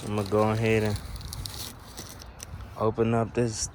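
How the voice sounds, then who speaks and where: A man's voice: lowish voice, monotone, a little slow, noisy background. A young man giving a casual, slangy, profane unboxing commentary outdoors beside a car, filming on a handheld phone. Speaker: car audio vlogger.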